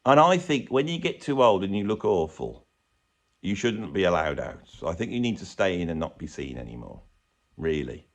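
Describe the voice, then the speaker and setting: A man's voice: low-pitched, big pitch swings, normal speed. A man giving a rambling, sarcastic, comedic rant as a YouTube commentator. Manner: rambling, sarcastic, self-mocking.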